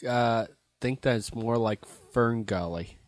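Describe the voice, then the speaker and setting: A young man co-hosting a comedy podcast, laid-back and deadpan with short replies. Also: medium pitch, slow, no echo. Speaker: podcast co-host. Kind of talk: casual comedic chat.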